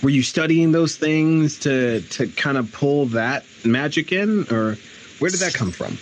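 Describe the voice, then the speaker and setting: A male podcast host leading a relaxed, conversational interview. He talks with eager enthusiasm, laughs easily, and often restarts his sentences. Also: on the high side, unhurried, slight background noise, low-quality recording.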